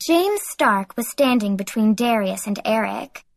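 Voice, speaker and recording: A woman reads a first-person young adult novel aloud in a lively teen-girl voice. Her pitch sits on the high side. The recording is dry and close, with no room sound. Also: measured pace, no echo. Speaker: audiobook narrator. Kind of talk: first-person audiobook narration.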